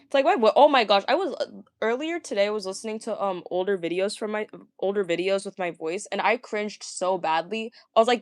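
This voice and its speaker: A young woman talking casually, ranting to viewers, stammering and repeating words, with a fairly deep voice for a woman. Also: animated, a little fast, dry recording, clean studio sound. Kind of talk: casual rant.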